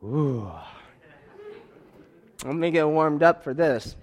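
A man telling a personal story to an audience in an animated way, acting out the dialogue and laughing as he goes. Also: fairly high pitch, takes it slowly. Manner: expressive, swings between quiet asides and loud outbursts.

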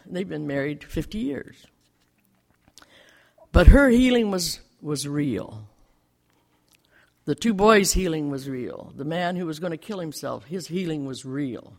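An older man telling a personal testimony to a church congregation, bringing the story to life by acting out the dialogue. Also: a little high. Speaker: lay speaker giving a testimony in church.

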